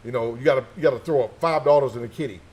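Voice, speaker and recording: A man's voice: mid-range voice, very fast, darkish tone. A middle-aged man, a former army sniper instructor, chatting in a folksy, teasing way and repeating phrases, at a live interview in an indoor gun shop event space. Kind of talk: casual interview chat.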